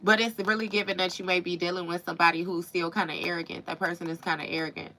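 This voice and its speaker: A woman hosting a live tarot reading, talking loosely and emphatically. Her voice is bright and forceful, sitting a little low for a woman. She swears freely and slips into rhythmic recitation of lyrics. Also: flat delivery, quick pace, a little hiss or hum. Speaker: tarot reader.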